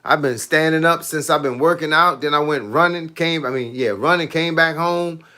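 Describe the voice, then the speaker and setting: On a live stream, a middle-aged fitness coach chats easily with viewers in a bright, forceful voice on the high side, at a moderate pace. He's relaxed and laughs a lot, frequently repeating "hey, look" and "bro."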